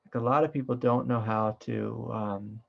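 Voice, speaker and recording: A man, a meditation teacher, giving a satsang talk in a gentle, reflective way with many fillers and asides. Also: mid-range voice, steady tone, moderate pace, gravelly, dull audio.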